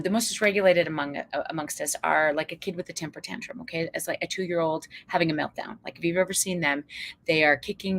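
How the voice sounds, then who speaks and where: Woman keynote speaker, psychologist, lowish bright voice, conversational, playful, acts out the quotes. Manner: animated storytelling, acts out quoted voices, humorous asides; conversational, checks in with the audience. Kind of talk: lively keynote talk to parents and educators.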